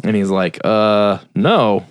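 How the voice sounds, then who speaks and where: A man's voice: fairly low pitch, slow. A man hosting a podcast, casually retelling a film's plot and briefly doing voices for the characters. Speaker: podcast host. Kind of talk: casual film recap.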